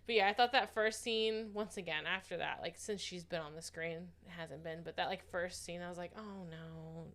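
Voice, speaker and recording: Woman, podcast co-host, casual chat, blunt, chatty, quick to laugh. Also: fairly low pitch, fairly even intonation, fairly bright tone.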